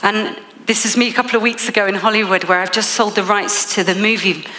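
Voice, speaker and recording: A woman's voice: mid-range voice, steady tone, fast, pushed and bright, big-room sound, a little hiss or hum. A woman with an English accent giving a motivational keynote speech, telling a story with frequent laughs. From England. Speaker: motivational speaker.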